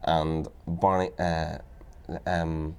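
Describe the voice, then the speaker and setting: A man's voice: rumbling low, flat delivery, drawn-out words, clean tone. A young man with an Irish accent, co-hosting a podcast in casual chat, chiming in with dry, teasing remarks. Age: young adult. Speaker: podcast co-host.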